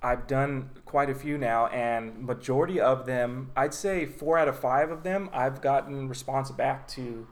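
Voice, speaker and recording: A man co-hosting a podcast and chatting casually, easygoing and quick to laugh. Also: medium pitch. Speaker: podcast co-host and artist. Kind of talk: casual chat.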